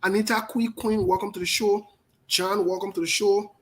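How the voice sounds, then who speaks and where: A male talk show host with a fairly high voice. He talks with blunt passion, calls out viewers' names one after another and argues his point hard. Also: steady tone, moderate pace, low-quality recording. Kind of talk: live online talk show, greeting viewers.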